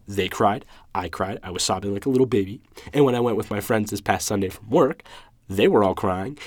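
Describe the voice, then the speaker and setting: A man's voice: fairly low pitch, no room sound. A young man hosting his own show, talking through a film review in an eager, emotional, rambling way with lots of restarts. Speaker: podcast host reviewing a film. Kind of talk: casual solo review.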